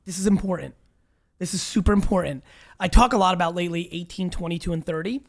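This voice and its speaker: Gravelly guy hosting a show, blunt and pushy, swears a lot, eggs the guest on. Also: high-pitched, fast talker. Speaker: show host. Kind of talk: energetic interview talk.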